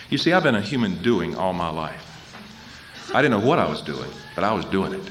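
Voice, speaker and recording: A man's voice: low-pitched, big pitch swings, brisk, soft background music. Man telling his recovery story. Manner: storytelling, repeating phrases for weight. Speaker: recovery meeting speaker. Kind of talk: personal recovery talk. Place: convention hall.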